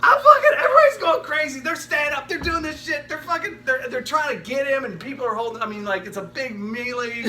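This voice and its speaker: A man from Richmond, Virginia, a stand-up comedian telling a comedy anecdote in casual chat, animated and profane, laughing through his story. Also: very high voice, fairly quick, hardly any pauses. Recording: voice far from the mic with steady noise.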